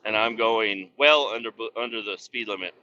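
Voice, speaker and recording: A man who hosts a podcast, ranting in a casual, profane, sarcastic way while he drives his truck down the highway. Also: normal speed, sharp tone. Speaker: podcast host. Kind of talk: casual rant while driving. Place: inside a moving truck on the highway. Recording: dull lo-fi sound.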